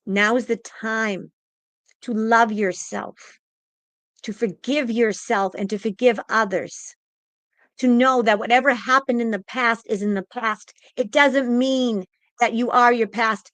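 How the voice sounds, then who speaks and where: A woman's voice: a little high, steady tone, unhurried, a bit bright, no room sound. A woman psychic giving an impassioned spiritual pep talk, emphatic and repetitive, audibly emotional and close to tears. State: tearful, emotional.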